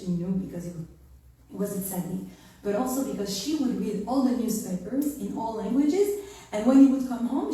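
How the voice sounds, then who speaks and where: A woman with a French accent who teaches Torah and tells stories in an animated, inspirational talk. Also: mid-range voice. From France. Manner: animated storytelling. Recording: echoey room, voice from far off.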